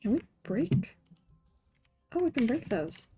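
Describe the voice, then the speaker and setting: Woman streamer, fairly high voice, chatty and rambling, casual gameplay commentary. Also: sing-song, slow, warm tone, faint music behind. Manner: chatty, rambling, self-mocking.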